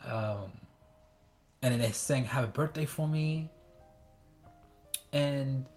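A man's voice: medium pitch, a little mellow, soft background music. Man from Iraq telling a childhood story. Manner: halting, many restarts and fillers; acts out quoted voices. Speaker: guest. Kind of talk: casual storytelling.

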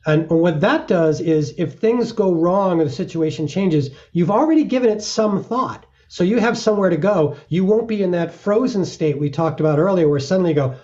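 A man's voice: sits high, expressive, normal speed, hardly any pauses, mellow, muffled recording. A middle-aged man, a mountaineer being interviewed, explaining earnestly and acting out short examples. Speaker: mountaineer guest. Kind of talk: reflective interview talk.

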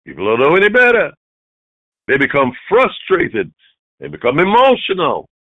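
A man's voice: huge pitch swings, moderate pace, no room sound. Dramatic preacher man, tinny and dry. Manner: dramatic preaching, shifts from loud shouted mimicry to low near-whispers. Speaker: pastor. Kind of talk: sermon. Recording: dry tinny phone-like sound.

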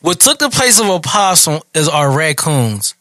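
A man's voice: a little high, big pitch swings, moderate pace, pushed and bright, no room sound. A man hosting a podcast, talking casually in laid-back slang. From Philadelphia. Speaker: podcast host. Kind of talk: casual chat.

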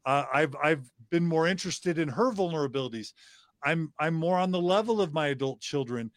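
Middle-aged guy on a podcast, earnest and thoughtful, slightly high voice, dry close mic. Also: brisk, dry recording. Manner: earnest, reflective, with frequent restarts. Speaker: podcast guest. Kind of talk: casual conversation.

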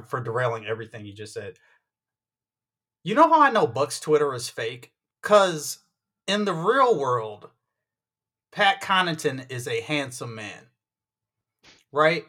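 Bright-voiced rambling man chatting sports. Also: mid-range voice. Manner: rambling, tangent-prone, acts out quotes. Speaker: podcast co-host. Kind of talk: casual sports chat.

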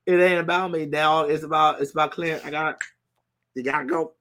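A man chatting casually on a podcast about a show, excitable and slangy, his voice jumping up high when he gushes. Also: a little fast, a little hiss or hum. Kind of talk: casual chat reviewing a show.

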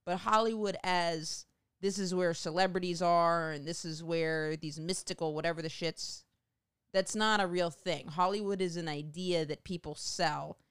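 Low-voiced, rambling woman telling a story. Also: normal speed, smooth, no echo, studio quality. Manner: rambling, animated, profane, tangent-prone. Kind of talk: casual storytelling monologue.

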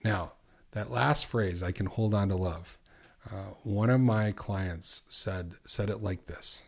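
A middle-aged man hosting a podcast as a recovery coach, asking earnest questions and slowing down to repeat affirmations. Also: lowish voice, creaky. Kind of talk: coaching monologue.

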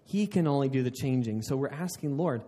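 A man's voice: mid-range voice, expressive, a little fast, mellow. A man preaching a sermon in an earnest way, often restarting mid-phrase and laughing at himself. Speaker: pastor.

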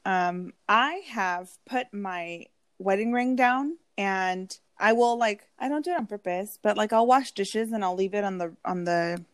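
A woman in her thirties chatting casually as a podcast co-host, telling animated stories and acting out what people said. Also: medium pitch, unhurried, hardly any pauses, no echo. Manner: chatty, animated storytelling with acted-out quotes and swearing. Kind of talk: casual chat.

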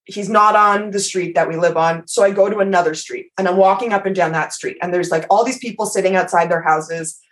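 A woman's voice: lowish voice, a little fast, hardly any pauses. A woman telling a story in casual podcast chat. She swears freely, mocks herself and laughs through it.

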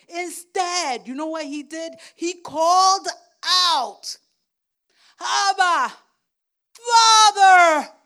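A woman pastor preaching a sermon, checking in with "Amen?" and "right?", and swinging from soft asides to loud calls. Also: sits high. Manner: slow, deliberate delivery.

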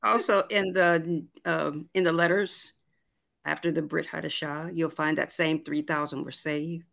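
Woman congregant, heavy gravelly fry, hesitant and unsure. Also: low-pitched, steady tone, measured pace, a bit bright. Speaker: congregation member.

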